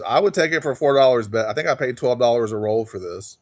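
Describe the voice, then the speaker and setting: A man hosting a live online auction stream, chatting casually and quickly calling bids while greeting viewers by name. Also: mid-range voice, a little mellow, dry recording, studio quality.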